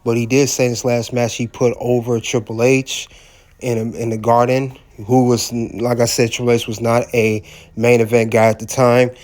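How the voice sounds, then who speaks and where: A man's voice: medium pitch, little pitch movement, moderate pace, darkish tone. A man hosting a commentary recap, speaking hesitantly with frequent filler words. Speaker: wrestling commentary host.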